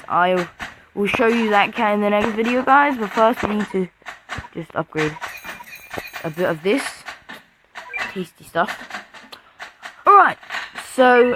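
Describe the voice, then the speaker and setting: A woman's voice: mid-range voice, noisy background. A woman giving casual, chatty commentary while playing a mobile game, cheering on her units. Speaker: gaming video creator.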